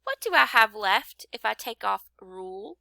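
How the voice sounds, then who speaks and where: A woman's voice: medium pitch, sing-song, vocal fry, sharp tone, dry recording. A woman teaching a phonics lesson, patiently sounding out rhymes and syllables for young learners. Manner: slow, patient, clapping out syllables.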